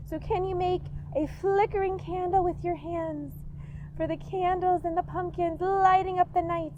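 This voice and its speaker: A woman's voice: extremely high pitch, animated, unhurried, a little mellow, slight background noise. A woman leading a kids yoga class, giving playful, encouraging cues and telling a rhyming story.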